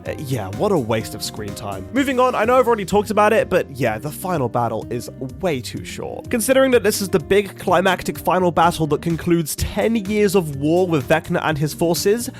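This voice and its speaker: A man's voice: high-pitched, sing-song, fairly quick, hardly any pauses, faint music behind. A young man reviewing a TV finale in a sarcastic, swearing rant. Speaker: YouTube reviewer. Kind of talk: ranting TV review commentary.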